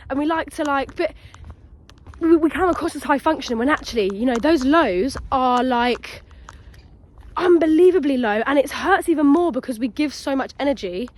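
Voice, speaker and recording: A woman in her early twenties, talking in a rambling, excitable way as she chats to her phone while walking outdoors. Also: sits high, moderate pace. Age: 20s. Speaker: podcast host. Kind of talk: casual chat vlog. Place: outdoors in a nature reserve.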